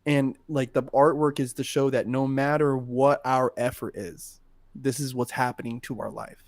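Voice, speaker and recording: A man's voice: medium pitch, steady tone, normal speed, dry recording. A man co-hosting a podcast, telling a personal story in casual, emotional talk with plenty of swearing. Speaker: podcast co-host. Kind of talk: casual chat.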